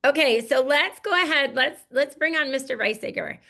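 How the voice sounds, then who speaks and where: Gravelly, bright-voiced woman host. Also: high-pitched, normal speed. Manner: enthusiastic, effusive. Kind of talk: motivational business call.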